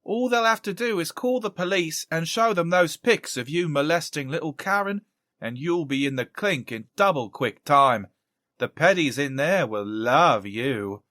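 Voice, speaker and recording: Brief: male narrator voicing a scheming young woman, raised pitch, sly and menacing, audiobook. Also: expressive, measured pace, fairly bright tone, dry recording, clean studio sound. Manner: sly and threatening.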